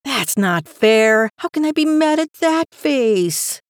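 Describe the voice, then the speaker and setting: A woman's voice: high voice, very animated, moderate pace, darkish tone, no echo, clean studio sound, pitched above the performer's own voice. A woman reading the lines of a weary young man, exasperated but fond with his new puppy, in a storybook.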